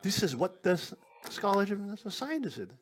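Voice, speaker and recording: Emphatic husky-voiced male preacher. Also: high voice, sing-song, fairly quick. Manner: emphatic, exclamatory, jumps between loud and soft. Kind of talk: sermon with live interpreter.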